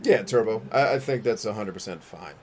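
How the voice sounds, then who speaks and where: A man's voice: on the low side, expressive, brisk, faint music behind. A man streaming a game and answering his chat in a blunt, profane, rambling way, often restarting his sentences. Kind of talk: casual chat while gaming.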